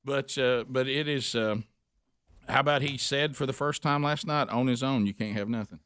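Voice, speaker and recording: A man's voice: mid-range voice, steady tone, normal speed, fairly bright tone, clear, resonant tone, no echo. A middle-aged man hosting a morning radio show, telling stories casually and rambling with many restarts and asides.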